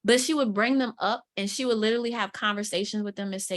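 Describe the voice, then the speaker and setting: A woman's voice: mid-range voice, quick pace. A woman, a guest mentor telling a story in casual interview talk, acting out quotes as she goes. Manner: animated storyteller, acts out quotes. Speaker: guest mentor, content strategist.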